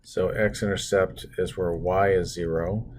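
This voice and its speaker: A man's voice: low-pitched, fairly even intonation, measured pace, slight background noise. A man teaching math as he draws on a computer screen, talking through each step with self-deprecating asides. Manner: talks through steps while drawing, self-deprecating asides. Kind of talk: screen-recorded math lesson.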